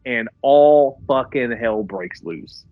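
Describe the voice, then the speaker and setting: A man co-hosting a podcast, retelling a movie scene with profanity and lively storytelling. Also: medium pitch, slow pace, no room sound, phone-quality sound, soft background music. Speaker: podcast co-host. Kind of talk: casual chat about a movie.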